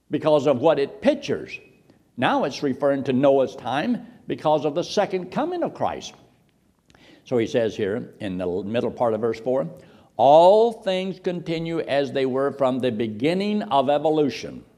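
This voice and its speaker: Lively-voiced male preacher. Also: mid-range voice. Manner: expressive preaching, mocking voices of scoffers. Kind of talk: sermon.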